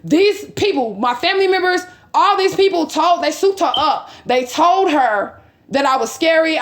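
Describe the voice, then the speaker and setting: High-pitched woman vlogger, heated and profane, retells a quarrel line by line. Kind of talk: angry personal storytelling.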